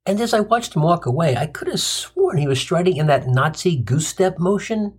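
A man's voice: a little high, big pitch swings, normal speed, slightly rough. A man hosting a comic storytelling podcast, telling a sardonic, rambling monologue full of tangents and crude punchlines.

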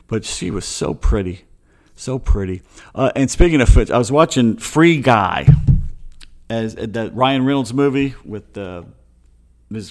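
A man hosting a casual sports talk show, rambling through stories with wry, chatty asides. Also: mid-range voice.

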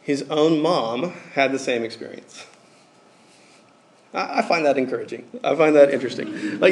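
A man's voice: mid-range voice, moderate pace. A man giving a casual, conversational sermon, talking informally with many fillers like "like" and "um".

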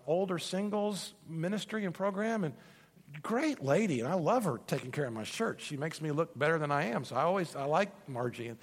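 Stammering pastor preaching in a reverberant hall. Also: male voice, a little high. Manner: storytelling with frequent stammered restarts. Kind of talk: sermon. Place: church sanctuary.

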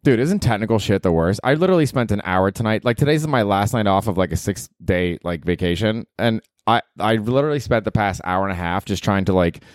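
A man in his forties hosting his own podcast, rambling through a solo monologue with lots of swearing, self-mockery and sudden high mock voices, recorded at home in a dry close setup. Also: animated, brisk, hardly any pauses, no echo. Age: 40s. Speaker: podcast host and stand-up comedian. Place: New York apartment. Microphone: handheld field recorder.

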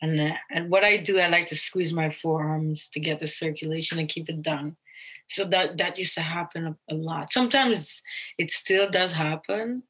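A young woman from Guyana speaks in a casual, loose interview manner, stacking fillers and restarting her sentences. Her voice sits a little low for a woman. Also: normal speed, slightly rough, poor audio. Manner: casual, many fillers and restarts, quotes others in lively voices. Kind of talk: candid interview talk.

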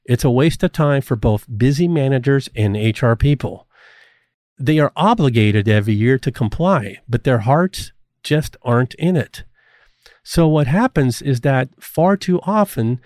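A middle-aged man teaching an online course, speaking in an earnest, deliberate way and rising in pitch on the points he stresses. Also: darkish tone, no room sound. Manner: earnest, deliberate delivery with emphatic rises. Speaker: course instructor. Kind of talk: scripted course lecture.

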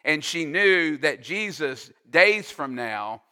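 A man preaching a sermon as a pastor, slow and emphatic, pausing to explain with asides. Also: on the high side, big pitch swings, sharp tone, smooth. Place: church sanctuary. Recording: long reverb of a hall.

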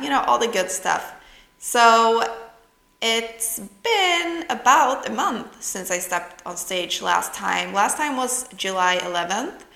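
A woman with a Swedish accent, a non-native English speaker, hosting her own podcast in a bubbly, excitable way with lots of fillers. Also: mid-range voice, vocal fry, reverberant, poor audio. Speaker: podcast host. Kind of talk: casual podcast talk.

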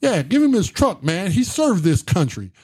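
A man doing an excitable homeless guy. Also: high voice, moderate pace, breathy edge, no room sound, voice pushed up, exaggerated voice. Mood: cheering.

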